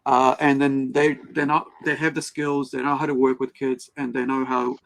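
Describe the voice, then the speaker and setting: A man hosting a casual livestream chat over a video call, telling stories in an animated way. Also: mid-range voice, normal speed, gravelly, poor audio. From New Zealand. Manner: animated storyteller, acts out quoted people. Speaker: host.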